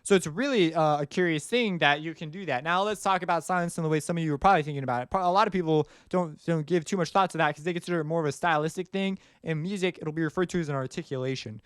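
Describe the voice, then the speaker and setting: A man's voice: a little high, fast talker, hardly any pauses, clear, resonant tone, dry recording, studio quality. A man teaching music production in a casual, rambling way, often singing rhythms aloud as he explains. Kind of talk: screen-recorded tutorial explanation.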